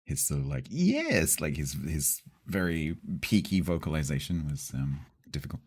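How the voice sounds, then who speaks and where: A man's voice: extremely low pitch, steady tone, moderate pace, darkish tone, slightly rough. A man with a Southeast English accent, chatting casually with his viewers as a game streamer, rambling with hesitations. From Southeast England.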